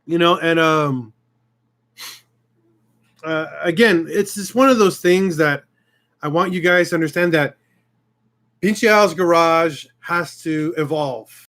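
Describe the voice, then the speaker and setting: This YouTube host has a somewhat high, slightly bright voice and speaks slowly with long pauses. He chats casually with his live-stream audience, heartfelt and rambling, often growing emotional and starting his thoughts over.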